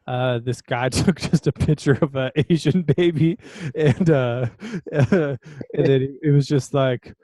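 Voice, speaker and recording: A man's voice: mid-range voice, takes it slowly, warm tone, no room sound. A man co-hosting a podcast, telling a story in a loose, laughing way with lots of fillers. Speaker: podcast co-host. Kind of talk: casual chat.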